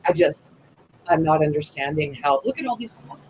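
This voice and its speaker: A chatty woman hosting a live stream, her voice bouncing up and down with lively pitch. She talks casually to her viewers in an easygoing, conversational way. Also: normal speed, slight background noise, low-quality recording.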